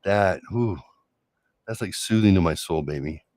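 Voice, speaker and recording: A middle-aged man hosting a solo late-night show, talking through love and conflict in a sarcastic, reflective way with many halting restarts. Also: low voice, darkish tone, dry recording. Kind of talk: late-night personal monologue.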